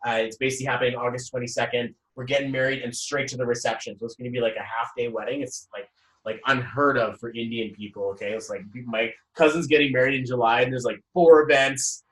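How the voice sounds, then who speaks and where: A young man hosting a casual motivational live talk, energetic and rambling, often repeating words as he speaks at home. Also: mid-range voice, quick pace. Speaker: host. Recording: roomy echo, voice from a distance.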